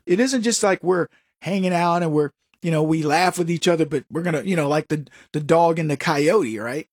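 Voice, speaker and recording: A man's voice: a little high, moderate pace, no echo, clean studio sound. A man hosting a political talk show, delivering a combative, sarcastic monologue and mocking the people he quotes. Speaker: political commentary host.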